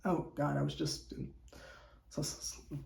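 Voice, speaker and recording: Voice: mid-range voice, little pitch movement, a little slow, gravelly, a little mellow. Stammering, joking sports fan host. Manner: stammering restarts, repeats words; joking, slangy, conversational. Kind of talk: casual fan commentary rant to camera. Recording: roomy echo.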